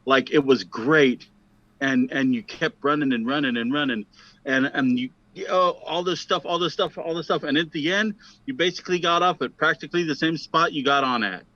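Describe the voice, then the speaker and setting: A fairly high-voiced man chatting in a relaxed way as co-host of a review podcast, often repeating himself as he talks. His voice comes through a dull, muffled mic. The sound is dry, with no room echo. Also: moderate pace. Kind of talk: casual pop-culture review chat.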